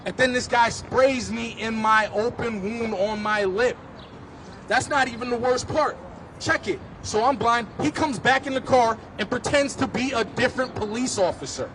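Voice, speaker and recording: A man giving impassioned personal testimony at an outdoor street rally, telling his story intensely and rising at times to shouts. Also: very high voice, normal speed, noisy background.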